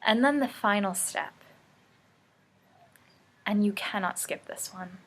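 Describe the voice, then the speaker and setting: A woman's voice: medium pitch, slow, pauses often, fairly bright tone. A young adult woman coaching viewers through steps, emphatic and repetitive, with casual swearing. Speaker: life coach. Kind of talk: motivational teaching talk.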